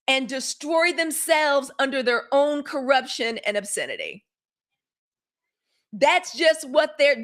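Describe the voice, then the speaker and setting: A middle-aged woman with a Mississippi Southern accent, her voice sitting a bit high. She hosts a live-stream news commentary, blunt and fired up, swearing freely and calling her viewers "y'all". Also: fairly bright tone. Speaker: live news show host.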